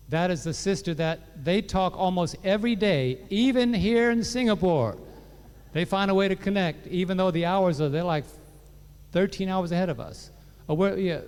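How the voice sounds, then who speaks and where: A man's voice: sits high, clear, resonant tone. A man sharing his personal testimony with a church audience, telling stories with joking asides. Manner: warm storytelling, joking asides. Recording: long hall reverb from a church PA.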